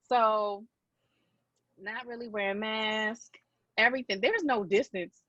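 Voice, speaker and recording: A woman co-hosting a podcast, telling stories in an animated, laughing casual chat. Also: fairly high pitch, slow, pauses often, no room sound, dull audio. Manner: animated storytelling with frequent laughs. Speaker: podcast co-host.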